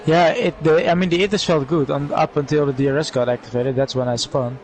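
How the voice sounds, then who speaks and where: A man with a slightly high voice chats casually about his race, laughing as he goes. Steady background noise sits clearly behind him. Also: fast talker. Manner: casual, laughs while recounting mishaps. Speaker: sim-racing driver joining commentary. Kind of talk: casual chat.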